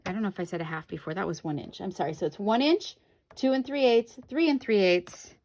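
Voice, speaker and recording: A woman's voice: mid-range voice, a little fast, darkish tone, a little hiss or hum. A woman demonstrating a paper craft on camera, chatting with viewers and correcting herself as she works. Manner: chatty, talks to viewers while working, self-correcting. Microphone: camera on the craft table.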